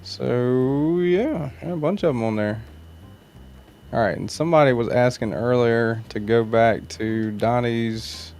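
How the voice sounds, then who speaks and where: The host of a knife channel livestream speaks slowly in a medium-pitched, darkish voice. Laid-back and rambling, he reads viewer comments and greets people by name as faint music plays.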